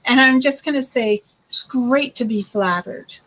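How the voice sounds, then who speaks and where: A psychic card reader hosts a live online stream, giving viewers chatty, reassuring readings and calling them hun and girl. Her voice is high and a bit bright, her pace measured, and the audio poor.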